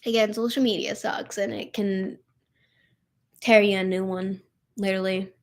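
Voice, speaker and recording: A woman's voice: mid-range voice, fairly even intonation, normal speed. Young woman, streamer, weary and emotional, casual chat full of "like" and "literally". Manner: emotional, tired, heavy use of "like" and "literally". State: tired and upset.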